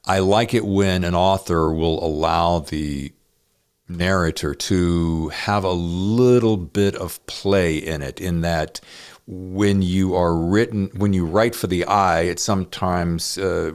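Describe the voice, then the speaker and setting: A man with a very low, deep voice hosts an interview show. He speaks in a measured, deliberate way and often pauses on fillers as he thinks. He sounds like an experienced audiobook narrator. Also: smooth. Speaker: podcast host. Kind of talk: conversational interview.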